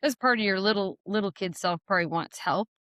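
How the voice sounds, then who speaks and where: Woman podcast host, lively and dry. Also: medium pitch, a little fast, no room sound. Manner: animated, acts out quotes in a raised voice. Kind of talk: conversational interview.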